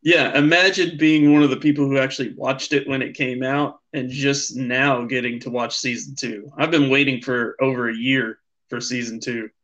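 A man's voice: medium pitch, moderate pace, few pauses, muffled recording. Rambling man co-hosting a podcast. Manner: relaxed, rambling, with many ums and restarts. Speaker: podcast co-host. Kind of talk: casual show review chat.

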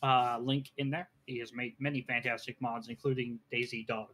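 A man co-hosting a podcast in casual chat who hesitates and fills pauses with "uh" and "um". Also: medium pitch, little pitch movement, a bit bright, husky. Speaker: podcast co-host.

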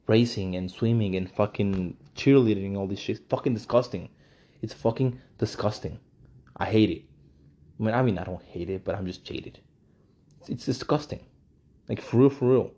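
A man rants through a news article in heated, profane commentary, circling back to repeat his points. His voice sits on the low side and sounds dark and mellow. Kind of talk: ranting commentary.

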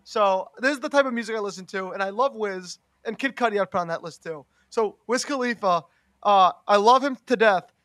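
A man's voice: high-pitched, brisk, a bit bright, no room sound, clean studio sound. A young man hosting a casual chat, rambling with lots of "like" and frequent laughs. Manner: rambling, heavy use of "like", laughs often.

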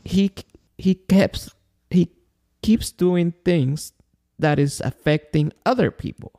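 A man's voice: high-pitched, takes it slowly, mellow. A man co-hosting a podcast, talking bluntly about discipline and swearing freely. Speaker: podcast co-host. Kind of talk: casual podcast chat.

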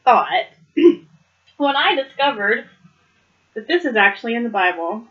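A woman's voice: on the high side, big pitch swings, measured pace, dull audio. A woman giving a casual, earnest devotional talk. She reads scripture aloud and reflects on it, often laughing lightly between points. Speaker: Bible study speaker.

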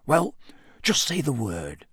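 A man voicing a jovial but nervous middle-aged male wizard official who talks in a hushed, hesitant, confiding way. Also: mid-range voice, huge pitch swings, slow, breathy edge, no echo, studio quality, exaggerated voice.

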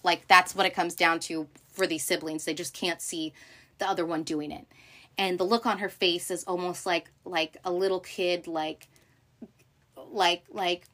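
A woman hosting a casual recap, talking in an animated, profane way with many fillers and acted-out quotes. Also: lowish voice, unhurried. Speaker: podcast host recapping a TV show. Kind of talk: casual chat.

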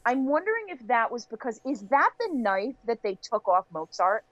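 A woman's voice: a little high, normal speed, no room sound, dull audio. A woman who teaches English, a guest on a podcast, chatting casually and thinking aloud. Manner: lively, laughing, thinks aloud. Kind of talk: casual chat.

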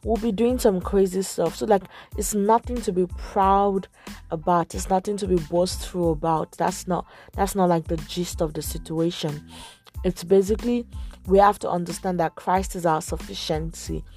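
Young woman, mellow low voice, casual faith chat, soft music behind. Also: fairly even intonation, moderate pace. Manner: earnest, conversational, lots of "like" fillers. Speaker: Christian vlogger giving advice. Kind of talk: casual faith talk to camera.

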